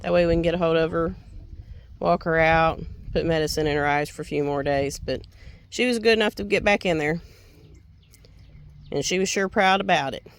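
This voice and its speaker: The homestead vlogger, sounding tired, chats in a folksy, casual way to camera outside near the animal pens. Her voice is low-pitched and clean in tone, at normal speed with long pauses, though the recording is low quality.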